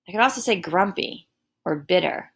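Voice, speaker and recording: A woman teacher giving a recorded lesson, explaining deliberately with emphatic examples. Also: fairly low pitch, lively intonation, slightly rough. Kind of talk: recorded distance-learning lesson. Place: home.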